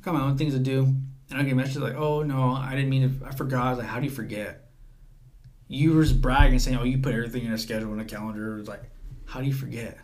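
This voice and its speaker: A man's voice: medium pitch, fairly even intonation, rapid-fire, darkish tone. An eighteen-year-old man, a podcast guest, talking casually and rambling as he acts out his text exchanges. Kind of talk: casual chat.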